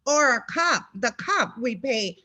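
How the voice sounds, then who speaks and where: A woman's voice: fairly high pitch, animated, slow, bright, forceful tone, dull audio. A woman co-hosting a casual chat show, bubbly and friendly, dropping Spanish phrases into her English over a call. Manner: bubbly, drops Spanish phrases, laughs often. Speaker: co-host.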